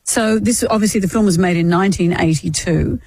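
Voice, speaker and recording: A woman's voice: lowish voice, brisk, a little mellow, no echo. A woman co-hosting a radio show, chatting in a wry, storytelling way. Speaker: radio co-host. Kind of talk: casual radio banter. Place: radio studio.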